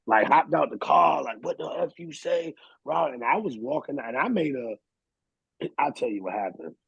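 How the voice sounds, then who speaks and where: Gravelly, husky man telling stories. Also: medium pitch, normal speed, pauses often, dry recording, muffled recording. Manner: animated storyteller, slangy, acts out quotes. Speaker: podcast co-host. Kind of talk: casual storytelling chat.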